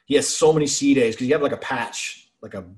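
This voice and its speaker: A young man telling profane, animated stories from his naval service in casual chat. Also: mid-range voice, fast talker.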